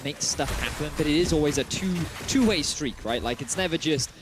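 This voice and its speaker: A man with a Welsh accent, co-casting a video game match with relaxed, explanatory analysis and jokes. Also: fairly high pitch, fairly quick, noisy background. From Wales. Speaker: esports co-caster. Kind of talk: esports analysis commentary.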